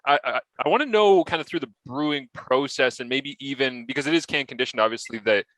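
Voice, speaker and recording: Bright, dry-sounding male host. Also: medium pitch, fast talker, dry recording, low-quality recording. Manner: enthusiastic, talkative interviewer. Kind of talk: casual chat.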